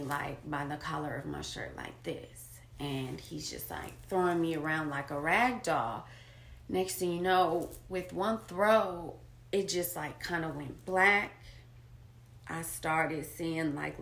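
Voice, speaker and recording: A woman telling a raw personal story in a candid, unpolished way, swinging between hushed and loud. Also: low-pitched, reverberant. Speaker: storyteller sharing her own experience.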